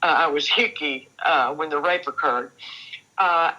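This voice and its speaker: A woman's voice: low-pitched, bright, forceful tone, dull audio. An older woman, a guest on an interview show, telling her own story earnestly, often restarting her sentences. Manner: earnest, halting, with repeated restarts. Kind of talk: personal testimony in an interview.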